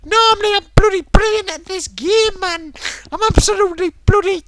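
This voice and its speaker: A man putting on an excitable male streamer who gushes cheerfully and then rants and shouts. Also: very high-pitched, measured pace, noisy background, voice pushed up. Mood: raging. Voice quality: squealing, shouting.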